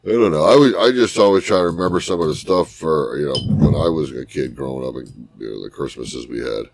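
A man co-hosting a casual podcast chat, with a dry, teasing, somewhat halting way of talking. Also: extremely low pitch, darkish tone. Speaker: podcast co-host.

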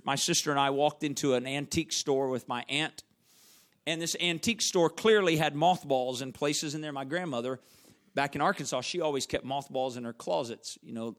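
A man's voice: a little high, a bit bright. A middle-aged man preaching a sermon, telling stories and repeating phrases for emphasis. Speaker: pastor.

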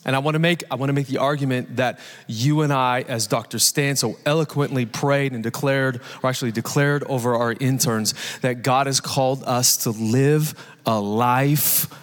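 A man in his thirties giving a lively, conversational live sermon as pastor, joking and asking the congregation questions. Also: mid-range voice, moderate pace. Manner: energetic, conversational preaching with jokes and audience questions. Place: large church hall. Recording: live church hall reverb.

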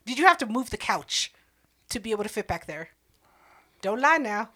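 High, bright-voiced woman host. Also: very animated. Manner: teasing, profane, quick interjections. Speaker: podcast host. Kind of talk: casual chat.

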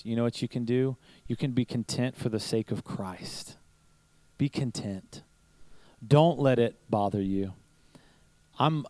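In a church service, a pastor talks to his congregation in a relaxed, conversational sermon, sharing stories, posing rhetorical questions, and chuckling now and then. His voice is medium-pitched with a darkish tone, and the recording is rough with no echo.

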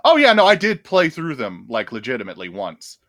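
Cheerful guy chatting, bright voice, dry close sound. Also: medium pitch, huge pitch swings, brisk, dry recording. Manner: upbeat, laughing, enthusiastic. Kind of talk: casual chat.

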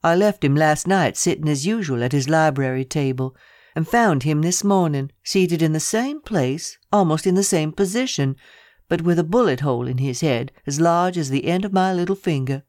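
A calm young male secretary in a recorded novel, talking in a low, matter-of-fact way, as the narrator puts him on. His voice sits at an ordinary pitch, and the recording is dry and close. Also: moderate pace, no room sound, close to an everyday voice. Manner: low, steady, businesslike delivery. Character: young male private secretary, cool and businesslike. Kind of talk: audiobook character reading.

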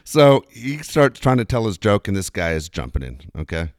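A man in his forties in casual chat who is relaxed, laughs often and swears freely. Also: fairly low pitch, moderate pace, no echo, studio quality.

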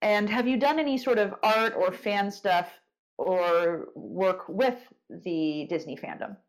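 A woman's voice: mid-range voice, slow pace, low-quality recording. A woman hosting a casual podcast interview over a call, teasing her guest and reading questions from the chat. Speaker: podcast host.

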